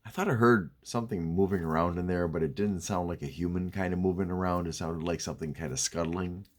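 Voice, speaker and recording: A man's voice: sits low, fast talker. A man casually telling a spooky childhood story, chatty, with restarts and asides to the listener. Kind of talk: casual spoken horror storytelling.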